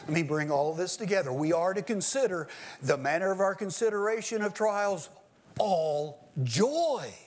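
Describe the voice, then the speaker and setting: A man preaching a sermon, swinging between loud declarations and low, quiet asides, addressing his listeners directly. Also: animated, moderate pace.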